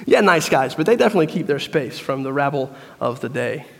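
A man's voice: mid-range voice, animated, a little fast, creaky, a bit bright. Man preaching in a reverberant church. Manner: storytelling, acts out crowd voices. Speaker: pastor. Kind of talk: sermon. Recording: long reverb of a church hall.

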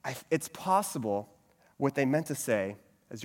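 A man's voice: on the high side, animated, fairly quick. A man giving a sermon-style teaching talk, asking many rhetorical questions and repeating a catchphrase. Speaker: pastor teaching a group. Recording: long reverb of a hall.

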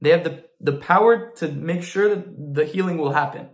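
A man's voice: fairly high pitch, normal speed, few pauses, roomy sound. A man teaching a Torah lesson through an informal story, with frequent restarts and Hebrew terms.

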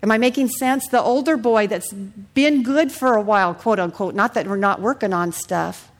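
Middle-aged woman preacher, sermon, personal testimony, questions to the congregation, mid-pitched voice. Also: moderate pace.

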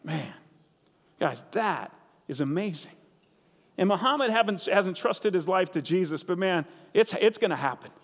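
A man's voice: sits high, animated, normal speed. A man preaching a sermon as pastor, earnest and conversational, repeating key phrases for emphasis. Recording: reverberant hall sound.

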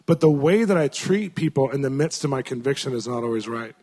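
This pastor's medium-pitched voice is animated, a little fast, and slightly mellow. He tells his congregation a story in an earnest, talky sermon style, with frequent fillers and restarts.

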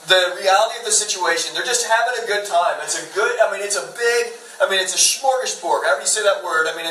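Bright, high-voiced pastor preaching casually. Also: male voice, a little hiss or hum. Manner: conversational and joking, with lots of asides. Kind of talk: sermon. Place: church sanctuary. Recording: echoey room, mic at a distance, faint ambience.

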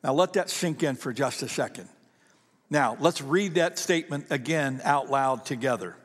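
A male pastor preaching a sermon in an animated, conversational way, asking the congregation questions. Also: medium pitch, moderate pace, breathy edge, in a large hall. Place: church.

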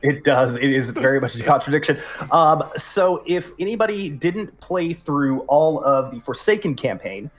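A man's voice: fairly high pitch, animated, moderate pace, hardly any pauses. A man hosting a gaming podcast, chatting casually through the news with lots of fillers. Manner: rambling, filler-heavy. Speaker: podcast host.

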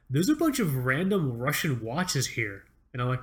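A man's voice: fairly high pitch, very animated, fairly quick, few pauses. A young man co-hosting a podcast in casual chat, rambling, swearing and repeating words, often laughing. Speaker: podcast co-host.

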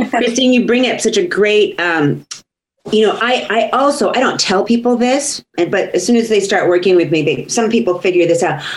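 A woman's voice: mid-range voice, lively intonation, moderate pace, poor audio. A woman who works as a voice coach, chatting casually in a group conversation.

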